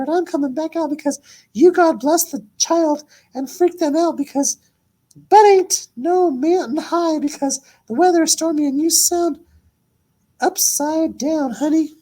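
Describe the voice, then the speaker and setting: A man voicing a catty female rapper, taunting in rapid squealing rhymes, a cappella. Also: very high-pitched, mellow, voice pushed up, low-quality recording. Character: catty fast-talking female rapper Kitty Cat. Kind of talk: a cappella diss rap.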